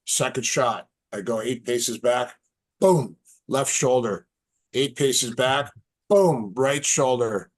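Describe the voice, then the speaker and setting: A man, a martial arts instructor on a podcast as a guest, telling stories in a casual, animated, halting way. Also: medium pitch. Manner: animated, halting, repeats words. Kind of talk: casual storytelling.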